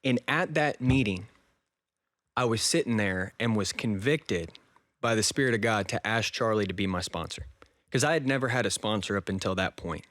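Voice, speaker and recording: A young podcast guest in his twenties, his voice on the low side and fairly bright, tells an emotional personal story in a casual interview. He's earnest, laughs often, and throws in "dude" and "man". The recording is dry and studio quality.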